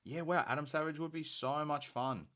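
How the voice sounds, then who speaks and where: A man's voice: a little high, fairly even intonation, moderate pace, a bit bright. A man hosting a casual painting stream, joking easily with his co-host and chat. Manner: laid-back, jokey banter.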